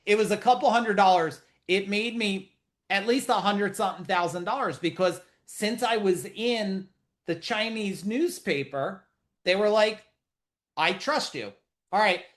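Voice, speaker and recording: A man's voice: high-pitched, unhurried. A middle-aged man hosting a live business webinar over a video call, talking casually, bluntly and profanely with lots of jokes. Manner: blunt, profane, animated and joking.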